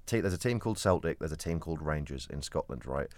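A man's voice: rumbling low, lively intonation, quick pace, no echo. A young man with a southern English accent, from Kent, co-hosting a podcast in a rambling, playful casual chat. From Kent, England. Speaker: podcast co-host.

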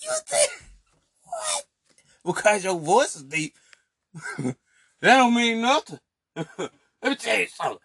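Laughing, mocking man with a bright voice. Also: sits high, sing-song, a little slow, creaky, pauses often, breathy edge, no room sound, clean studio sound. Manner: mocking, laughs often, repeats himself. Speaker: vlogger. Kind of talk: casual rant to viewers. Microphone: desk mic.

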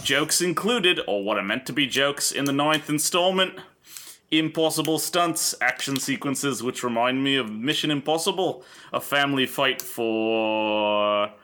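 A man's voice: medium pitch, bright, forceful tone. A man putting on an English accent to read out an online film review as a dry, unimpressed amateur critic. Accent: put-on English accent. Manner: wry, mocking delivery. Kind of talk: mock reading of a review.

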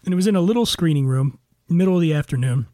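A man's voice: on the high side, lively intonation, quick pace, warm tone, dry recording. A middle-aged man hosting a podcast, chatting casually and telling an anecdote with dry, self-mocking humor. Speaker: podcast host.

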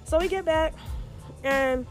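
Young woman, twenties, brassy storyteller who acts out quotes, higher-pitched, faint music under her. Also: slow pace. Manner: animated, profane, acts out voices in quotes. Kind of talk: casual storytelling chat.

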